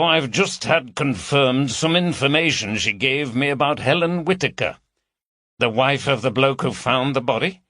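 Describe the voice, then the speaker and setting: A man voicing a shrewd police inspector, brisk and measured. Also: mid-range voice, sharp tone, no echo, clean studio sound, pitched above the performer's own voice, heavily acted.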